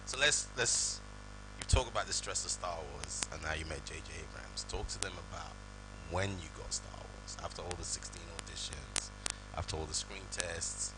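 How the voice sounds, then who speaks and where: A man's voice: sits low, moderate pace, over music, rough recording. A man moderating an on-stage fireside chat, prompting the guest conversationally. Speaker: event moderator.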